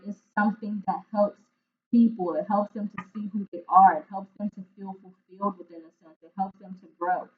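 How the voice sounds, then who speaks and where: A woman giving a spoken tarot reading, earnest and emotional, often searching for words and tagging lines with "right?" and "like". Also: mid-range voice. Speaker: intuitive tarot reader. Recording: phone-like narrow sound.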